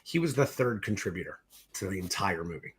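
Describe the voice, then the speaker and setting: A middle-aged man, a film director from the US East Coast, telling stories in a casual interview, animated and profane, acting out both sides of the conversations. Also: sits low, brisk, slightly rough.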